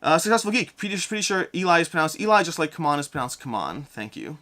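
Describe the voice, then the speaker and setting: Fast, bright-voiced man chatting live. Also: on the high side, big pitch swings. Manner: chatty, thinks out loud, repeats and corrects himself. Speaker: board game content creator hosting a live Q&A. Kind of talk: casual live-stream Q&A, reading chat questions aloud.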